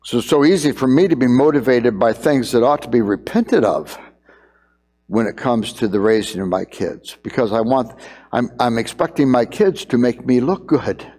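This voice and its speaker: A middle-aged man preaching as a pastor, earnest, sometimes acting out scenes in quick raised voices. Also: mid-range voice, a little mellow, in a large hall. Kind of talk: sermon on parenting.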